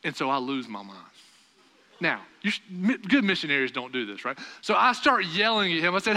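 A young male preacher with a bright, forceful voice that sits a little high for a man. He tells his story with animated delivery and raises his voice for the dialogue. The sound carries a long reverb from a church sanctuary. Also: fairly quick. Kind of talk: sermon with personal story.

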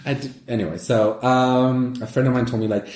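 A man's voice: medium pitch, brisk, roomy sound. A man casually chatting about comedy, telling jokes and acting out their voices with animation. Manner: animated storyteller, acts out joke voices. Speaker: comedian guest.

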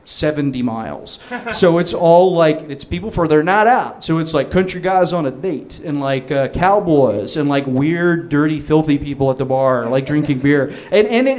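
A man in his thirties telling a long comic story, rambling and excitable, laughing through his words with many restarts. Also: on the high side.

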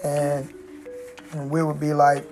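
A woman telling a reflective personal story in a rambling way, often pausing on "you know" and restarting her sentences. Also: low-pitched, monotone, a little mellow, faint music behind. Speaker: speaker sharing life story.

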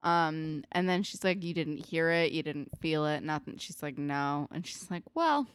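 A woman's voice: low-pitched, flat delivery, normal speed, clear, resonant tone, no room sound, studio quality. A woman co-hosting a podcast, chatting casually about a TV episode with lots of fillers and swearing. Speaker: podcast co-host. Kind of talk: casual chat recapping a TV episode.

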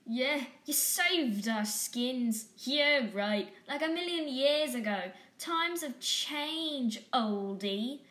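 A woman's voice: sits high, lively intonation, slow pace, fairly bright tone, roomy sound, pitched above the performer's own voice, exaggerated voice. A woman doing a proud, mocking tabby tomcat. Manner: scornful, taunting. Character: proud scarred brown tabby tomcat, mocking alley leader.

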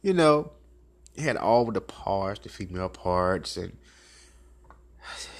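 A man with a Memphis Southern accent talks slowly through a rambling, profane monologue, as a talk show host would. His pitch swings widely, rising high for the bits he acts out. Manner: rambling, animated storytelling with profanity and laughs. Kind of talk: casual monologue.

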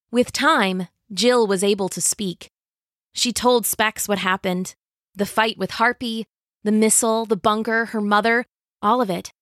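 A woman narrating a young adult novel in a measured, dramatic storytelling manner. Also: medium pitch, a bit bright, no room sound, clean studio sound. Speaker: audiobook narrator. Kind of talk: scripted narration.

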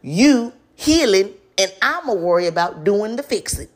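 A woman's voice: medium pitch, very animated, normal speed. Patient fatherly God, voiced by a young woman, firm, reassuring, plain-spoken. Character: patient fatherly God who never gives up.

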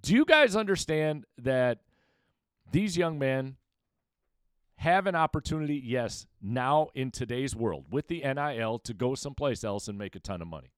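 A man hosting his own sports podcast, riding a lively, swinging pitch as he argues his takes with conviction. His emphatic delivery leans on rhetorical questions aimed straight at the audience. The sound is close and dry, with almost no room around it. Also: normal speed, smooth, no room sound. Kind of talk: solo sports opinion commentary.

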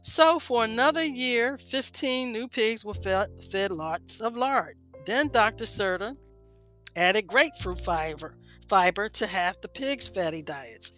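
A woman's voice: mid-range voice, animated, a little slow, fairly bright tone, soft background music. A woman hosting a health talk, reading an article aloud with frequent stumbles and self-corrections. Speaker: health podcast host.

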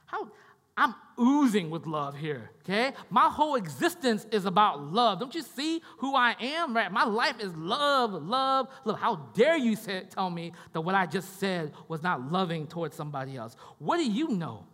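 A man's voice: high-pitched, sing-song, moderate pace, bright, forceful tone, long reverb tail, full character voice. A man voicing an indignant wife who insists her whole life is love, in a mocking, exaggerated tone.

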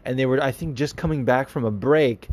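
A podcast host answers listener questions in a casual, rambling way, packing his talk with fillers and restarts and laughing often. He speaks fairly quickly at a medium pitch.

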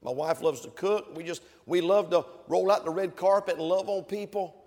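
High-voiced preacher in a reverberant church. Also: male voice, normal speed, darkish tone. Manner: emphatic preaching, rising to fervent peaks. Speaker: pastor. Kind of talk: sermon. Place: church sanctuary.

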